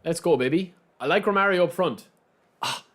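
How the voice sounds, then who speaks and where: An Irish gaming streamer with a slightly high, somewhat bright voice talks at normal speed while playing a football video game. He chats casually on the live stream, speaking straight to chat and reading out and answering viewers' messages.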